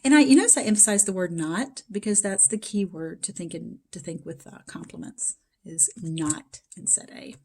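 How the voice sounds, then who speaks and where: A woman, a math instructor giving a recorded lecture, her voice a little hoarse and froggy, chatty and explanatory with plenty of fillers. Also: lowish voice, moderate pace, a little mellow.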